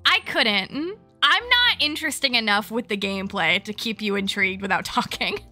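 A woman's voice: a little high, expressive, normal speed, bright, forceful tone, soft background music. A young woman streaming a cozy game, chatting nonstop and giggling. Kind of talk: casual live-stream chat.

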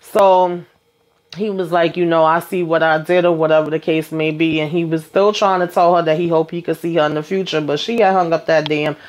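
A woman's voice: low-pitched, a little fast. Sassy woman recapping a reality show. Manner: sassy, animated storytelling with exasperated asides. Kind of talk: casual episode recap.

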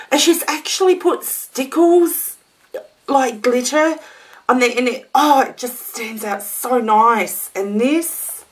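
Woman from Australia, vlogger, slow and effusive, constantly exclaiming over a handmade gift. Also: mid-range voice. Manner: gushing, gasping, exclaiming. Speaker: crafter opening a gift. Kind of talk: casual unboxing vlog.

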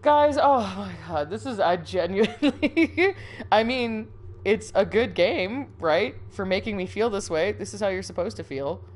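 A woman's voice: medium pitch, animated, unhurried, darkish tone, slight background noise. A young woman streaming a horror game with jumpy, nervous commentary, swearing often and laughing through her fear, a little sniffly from a recent cold. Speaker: gaming streamer.

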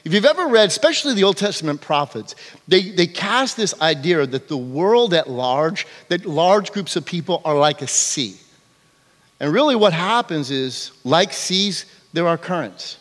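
Here is a man preaching in a church sanctuary with a fairly high voice. He tells his stories with animation and keeps checking in with the congregation. The sound trails off in a long hall reverb. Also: normal speed. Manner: animated storytelling, frequent "okay?" check-ins. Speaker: pastor. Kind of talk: sermon.

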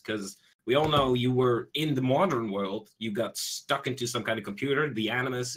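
An excitable man chatting on a casual gaming podcast. His voice is bright and forceful, and he laughs easily between thoughts. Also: mid-range voice. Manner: excitable, laughs often, jokes in pirate talk. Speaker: podcast co-host.

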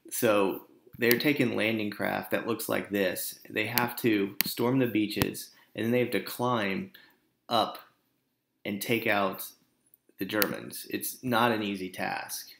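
Casual teacher with a gravelly low voice. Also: male voice, fairly even intonation, slow pace, roomy sound, background noise. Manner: casual, joking, addresses students directly. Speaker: history teacher. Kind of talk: recorded online class lecture.

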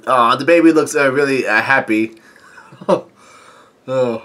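Halting man reading a comic aloud. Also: medium pitch, pushed and bright. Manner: halting, many fillers, chuckles at the story. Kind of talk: casual comic read-along with commentary.

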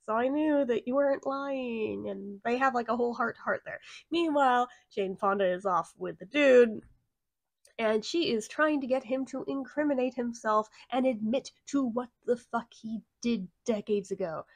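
A woman's voice: a little high, moderate pace, dry recording. A young woman giving a casual, profane movie plot recap, laughing often as she tells the story. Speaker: movie reviewer.

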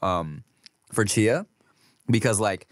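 Animated, laughing male podcast host. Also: fairly low pitch, takes it slowly, no room sound, studio quality. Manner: laughs a lot, swears freely, animated storytelling. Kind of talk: casual podcast chat.

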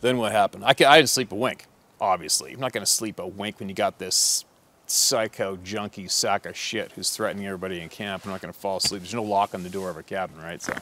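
A man's voice: deep voice, steady tone, fast talker, bright, forceful tone. A man who works as a hunting guide, telling a story in a blunt, profane, rambling way with lots of fillers. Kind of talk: casual storytelling.

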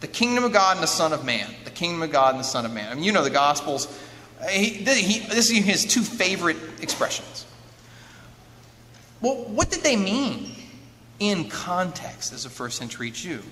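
A man lecturing an audience as an author, lively, asking rhetorical questions and acting out quotes. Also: sits high, normal speed. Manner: acts out quoted speech. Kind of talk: lively teaching talk with a handout. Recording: long hall reverb, faint noise.

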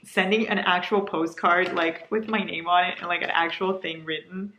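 A young woman vlogging as she opens book mail, gushing and excitable in a casual chat. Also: lowish voice, moderate pace. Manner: gushing, excitable, breathless with delight. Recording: echoey room with faint noise.

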